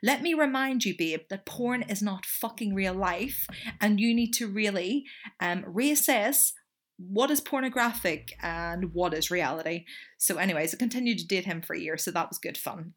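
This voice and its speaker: A woman's voice: medium pitch, normal speed. A young woman co-hosting a frank, casual chat, with wry asides and casual swearing. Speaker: podcast co-host.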